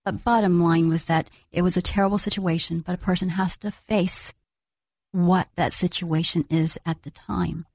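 A middle-aged woman telling her own story as a mother, earnest and reflective, with small restarts and pauses. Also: lowish voice, fairly even intonation, darkish tone, no echo, clean studio sound. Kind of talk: personal storytelling.

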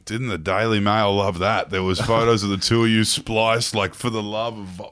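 A man's voice: on the low side, steady tone, normal speed, a bit bright, clean tone. Teasing male podcast host. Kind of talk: casual interview chat.

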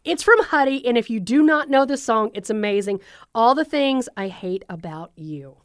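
Animated woman radio DJ. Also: fairly high pitch, normal speed, no echo, studio quality. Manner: animated, mimics voices in quotes. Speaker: radio DJ and podcast co-host. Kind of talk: casual chat. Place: broadcast studio. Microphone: studio mic.

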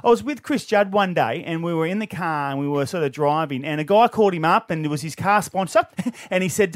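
A joking Australian man hosts an afternoon radio show, his voice sitting high for a man. He teases his co-host, laughs often and keeps the banter rolling in a casual studio chat. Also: fairly quick. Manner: jokey, teasing, laughs often. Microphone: studio microphone.

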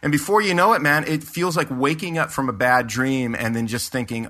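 Pastor guy rambling thru a story, bright tense voice, mid pitch. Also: normal speed, few pauses. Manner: rambling storyteller, lots of fillers and restarts. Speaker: pastor and podcast co-host. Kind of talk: casual chat.

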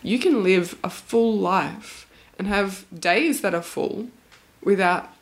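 A woman's voice: mid-range voice, slow pace. A woman hosting a casual podcast chat, talkative and laughing often, a little spaced out. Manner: chatty, laughs often, reads listener offers. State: a little medicated, sounds spaced out. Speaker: podcast host.

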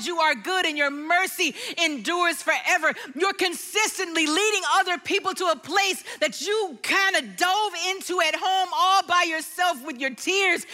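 A middle-aged woman sharing a personal testimony in a sermon, telling her story and dropping to a hushed, near-sung tone at times. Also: sits high. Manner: storytelling, drops to a hushed tone, sings lyric lines softly. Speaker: speaker at a church gathering.

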